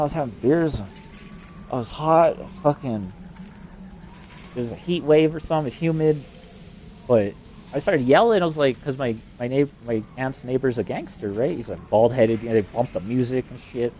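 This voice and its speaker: A man's voice: mid-range voice, dark tone, slight background noise. A man rambling through a personal story in a profane, casual way. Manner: profane, rambling, fast-talking.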